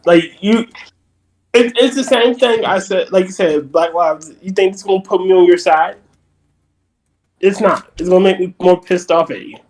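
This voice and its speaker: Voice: medium pitch, normal speed, a little mellow. Blunt speaker trailing off in chat. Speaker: podcast co-host. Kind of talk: casual voice-chat banter.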